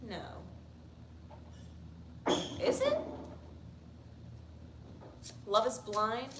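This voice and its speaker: A woman giving a casual tarot reading, blunt and profane, swinging into animated outbursts. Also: lowish voice, measured pace, distant mic. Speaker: tarot reader. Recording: echoey room with noise.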